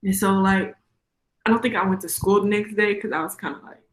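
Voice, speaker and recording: A young woman giving a personal testimony in a church, telling her story in a casual, hesitant way with many fillers and a soft, heartfelt tone. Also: mid-range voice, fairly even intonation, brisk, echoey room, poor audio.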